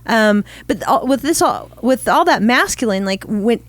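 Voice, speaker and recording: Woman cohost chatting on a podcast, earnest and affirming, lots of likes and ums, kinda high voice, dry sound. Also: expressive, no echo. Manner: affirming, earnest, drawn-out with fillers. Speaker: podcast co-host. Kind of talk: casual podcast chat.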